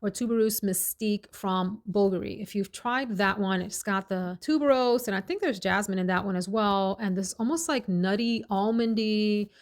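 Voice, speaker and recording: A woman chatting casually in a fragrance review vlog, enthusiastic and talkative, dwelling on each scent note. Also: medium pitch. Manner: chatty, enthusiastic, lists scent notes slowly.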